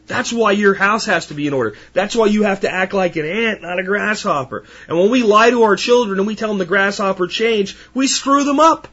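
Passionate, husky-voiced male podcast host. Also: high-pitched, a little fast, hardly any pauses, sharp tone, muffled recording. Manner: passionate, ranting, emphatic. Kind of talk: monologue podcast.

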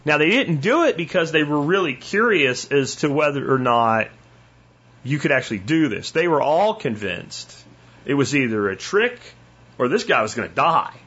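A man's voice: on the high side, very animated, moderate pace, a bit bright, breathy edge. A man hosting his own podcast, talking casually in a rambling storytelling way, with restarts and some swearing. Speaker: podcast host. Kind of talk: casual solo monologue. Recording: slightly muffled, lo-fi podcast audio.

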